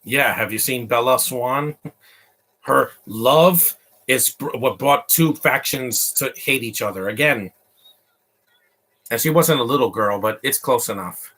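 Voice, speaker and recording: A man's voice: medium pitch, a little slow, sharp tone. Man, casual movie reaction talk, opinionated, chatty, offhand.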